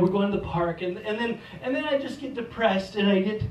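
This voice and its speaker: A man doing a stand-up comedy set on a theater stage, rambling and self-deprecating, with sudden loud outbursts. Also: high-pitched, a little fast, a little hiss or hum. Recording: echoey theater, mic from a distance.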